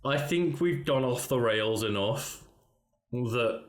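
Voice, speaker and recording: Relaxed man hosting a podcast in an echoey room. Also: mid-range voice, slow pace. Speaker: podcast host. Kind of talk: casual chat.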